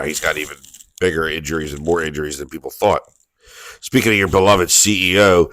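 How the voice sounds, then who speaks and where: A man's voice: low-pitched, a bit bright, no room sound. An older man co-hosting a podcast in casual chat, blunt and crude. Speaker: podcast co-host.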